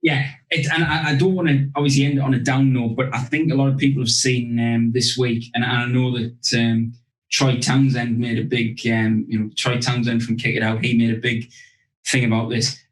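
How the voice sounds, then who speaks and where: A man speaks in a measured, hesitant way, with many pauses. His pitch stays flat and even throughout. He sounds set back from the microphone. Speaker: podcast co-host. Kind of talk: casual chat. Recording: distant from the mic.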